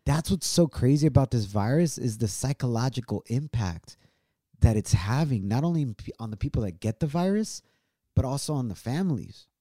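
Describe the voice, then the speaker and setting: A man's voice: medium pitch, expressive, fairly quick, dark tone, no room sound. Earnest guy in his 30s chatting from a home studio, dry sound. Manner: earnest, mixes in Spanish words. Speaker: co-host. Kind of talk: casual heartfelt chat.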